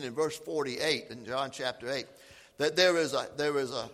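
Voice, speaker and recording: A man's voice: a little high, fairly bright tone, long reverb tail. A man preaching a sermon as pastor, reading scripture aloud with emphasis.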